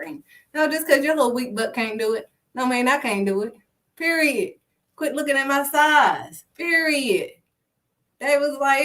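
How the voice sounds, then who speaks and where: A woman with a high voice gives a casual, emphatic faith talk. She punctuates each point with a firm "period" and calls her listeners honey and sweetheart. She sits a little back from the microphone. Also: expressive, moderate pace, fairly bright tone, distant mic. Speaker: faith speaker. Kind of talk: casual preaching monologue.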